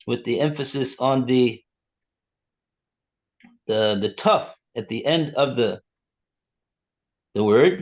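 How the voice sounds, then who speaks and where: Slow, halting rabbi, man. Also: medium pitch. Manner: hesitant, many fillers and restarts. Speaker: rabbi teaching a text class. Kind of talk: slow text study, reading and translating.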